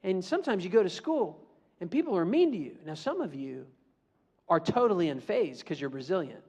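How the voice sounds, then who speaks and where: High, animated man addressing students. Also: a little fast, slightly rough, lo-fi sound. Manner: playful, animated, calls for audience responses. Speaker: motivational speaker. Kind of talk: school assembly talk. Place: room full of students.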